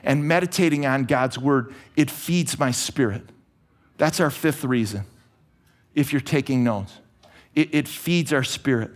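A middle-aged man preaching a sermon from a church stage, talking energetically and conversationally with quick restarts. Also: medium pitch. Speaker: pastor.

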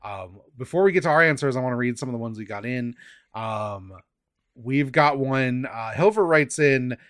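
A man hosting a casual podcast, with a bright, lively voice that jumps around in pitch. He sounds tired and reads listener questions aloud. The sound is dry and close to the mic. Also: moderate pace, clear, resonant tone, dry recording. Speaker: podcast host.

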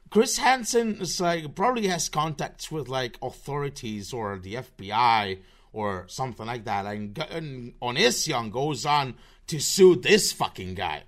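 A man's voice: on the high side, a bit bright. A man hosting his own show, delivering a rambling, profane and mocking commentary rant full of restarts. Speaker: show host. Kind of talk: ranting online commentary.

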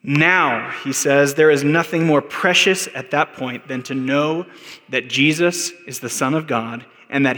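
A man's voice: fairly high pitch, fairly bright tone. A man with an American accent preaching a sermon as pastor, earnest and building to emphatic peaks. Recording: long hall reverb.

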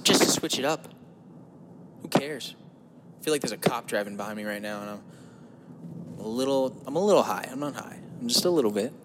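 A man's voice: medium pitch, long reverb tail, a little hiss or hum. A man hosting his own show, talking alone from his parked car in a crude, profane, joking ramble. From New Jersey, United States. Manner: crude, profane, joking, swings into loud voices. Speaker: podcast host. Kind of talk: rambling solo monologue.

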